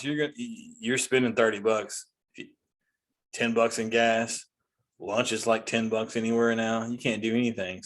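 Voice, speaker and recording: Exasperated man in his forties ranting. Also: medium pitch. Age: 40s. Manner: exasperated, incredulous, mocking common sayings. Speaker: comedian. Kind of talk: comedic rant.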